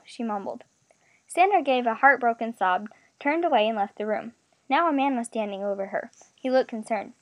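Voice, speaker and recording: A woman narrating a story aloud in an expressive, steady reading voice. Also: on the high side, fairly quick, dry recording.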